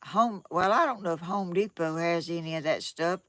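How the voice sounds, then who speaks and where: A woman's voice: lowish voice, moderate pace, fairly bright tone, no room sound. An older woman from Georgia with a Southern accent, rambling in a casual home vlog and often repeating herself. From Georgia, USA. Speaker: vlogger.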